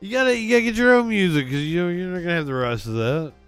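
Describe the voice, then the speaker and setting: Bright, clear-voiced male co-host. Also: high-pitched, lively intonation, rapid-fire, no room sound, soft background music. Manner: self-deprecating, stammering restarts. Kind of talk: casual comedic banter. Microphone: lighter held as a prop mic.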